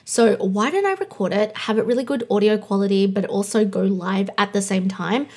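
A woman's voice: medium pitch, normal speed, a little mellow, husky. A woman of thirty with a slight lisp, hosting a casual solo podcast in a bubbly, chatty way. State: slight lisp from new aligners. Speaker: podcast host and coach.

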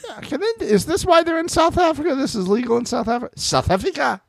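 Brief: male podcast co-host, lively swooping delivery, dry close sound, casual and mocking. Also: very high-pitched, fast talker, creaky, dry recording. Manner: animated, mocking, swears freely. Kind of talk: casual chat about reality TV.

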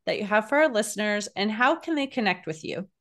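A woman hosts an interview podcast at a middle pitch. She affirms her guest with short replies and then steers the talk toward its end. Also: expressive, a little fast, a bit bright. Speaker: podcast host. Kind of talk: interview hosting.

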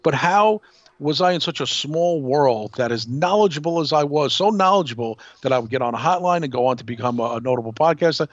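A man from New York co-hosting a podcast, telling a long story in a rambling, animated way with many restarts. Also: a little high, brisk, dry recording, lo-fi sound. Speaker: podcast co-host. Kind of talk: casual storytelling chat.

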